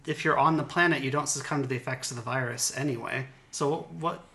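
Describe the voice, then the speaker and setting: A woman co-hosting a casual group chat, animated and laughing often as she picks apart an episode. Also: extremely low pitch, quick pace. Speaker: podcast co-host.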